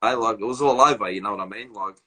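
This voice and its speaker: A man's voice: fairly low pitch, fast. A man hosting a live video chat, telling stories in a loose, slangy way. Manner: animated storytelling, slangy. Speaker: host. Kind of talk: casual live-stream chat. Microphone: phone or laptop on a live video call.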